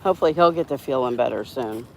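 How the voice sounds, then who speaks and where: A woman with a very deep, gravelly voice talks fast while hosting a casual livestream outdoors as she walks her dogs, with slight background noise. She reads viewers' comments, rambles, and laughs at her own slips.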